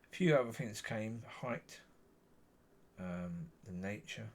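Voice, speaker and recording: Low gravelly guy rambling about his faith to the camera, bit husky, keeps correcting himself. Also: lively intonation, takes it slowly. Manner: meandering, repeats himself, frequent self-corrections. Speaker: Christian vlogger. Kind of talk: rambling personal testimony.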